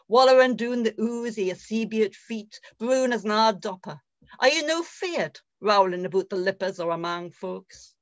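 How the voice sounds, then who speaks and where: A woman's voice: a little high, no room sound. Female poet, reciting with a lilt, dry lo-fi mic. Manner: slow lilting recital in broad dialect. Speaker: poet reading at a festival. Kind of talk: poetry reading with dialect recitation. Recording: dull muffled sound, dry.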